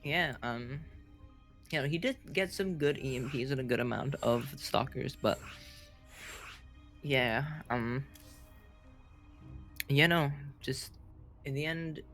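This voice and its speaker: A man with a gravelly, fry-laden voice casts a live video game match at a mid pitch. He keeps it soft-spoken and relaxed with a playful edge, over faint background music. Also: takes it slowly, pauses often. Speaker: esports caster.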